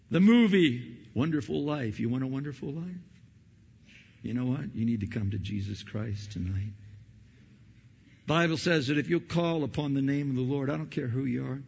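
A male pastor preaching an impassioned Christmas sermon, swinging between loud questions and low, soft appeals. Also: vocal fry, slightly rough. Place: church sanctuary. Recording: dull, hall reverb.

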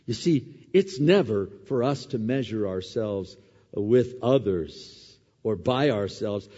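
Man in the pulpit with a mellow, slightly husky low voice, preaching in a chatty way with emphatic swells, recorded dull in an echoing hall. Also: animated, slow. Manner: conversational preaching, rising to emphatic peaks, then dropping to soft asides. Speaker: pastor. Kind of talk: sermon. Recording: dull lo-fi sound with long hall reverb.

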